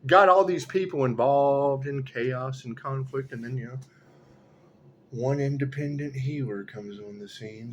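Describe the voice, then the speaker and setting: Excitable man with lively pitch. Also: moderate pace, lo-fi sound, slight background noise. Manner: excitable, repetitive, swings between low mutters and loud exclamations; swears casually. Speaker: tarot reader. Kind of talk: solo spiritual tarot commentary.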